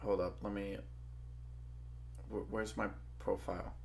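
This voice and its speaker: A man's voice: lowish voice, flat delivery, unhurried, creaky, darkish tone, slight background noise. A man co-hosting a stream, laid-back and a bit hesitant, laughing often in casual chat.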